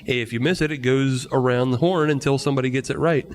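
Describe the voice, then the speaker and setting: A man's voice: medium pitch, fairly even intonation, fast. A man hosting a podcast, chatting casually, laughing often and reading quiz questions aloud. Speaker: podcast host and quizmaster.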